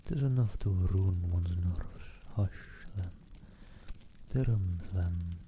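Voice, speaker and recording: A man's voice: deep voice, slow pace, noisy background. A man voicing a tired, grumbling male dragon who is minding a baby, in a whispered role-play. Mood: weary. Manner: soft, hushed and plaintive.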